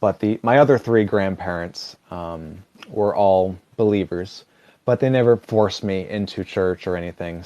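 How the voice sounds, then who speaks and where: A man's voice: fairly low pitch, warm tone, dry recording, dull audio. A man giving a casual comic reading, wry and digressive, chuckling at his own asides. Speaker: social video reader.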